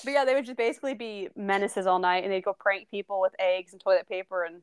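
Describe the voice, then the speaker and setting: A woman's voice: medium pitch, fairly even intonation, clear, resonant tone, no echo, studio quality. A young woman from the Southwest United States co-hosting a podcast in a casual, playful, giggly chat. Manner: giggly, playful, quick to joke. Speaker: podcast co-host.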